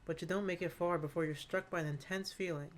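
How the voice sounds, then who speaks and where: A woman's voice: fairly low pitch, fast, a little hiss or hum. A woman streamer playing a horror game, narrating its text and reacting chattily between lines. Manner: chatty, animated reactions, frequent laughter. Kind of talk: game playthrough commentary and narration.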